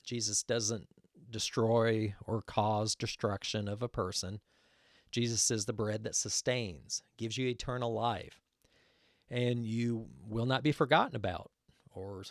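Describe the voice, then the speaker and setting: A man's voice: medium pitch, no echo, studio quality. A man giving an earnest Bible teaching talk, explaining verses with frequent fillers.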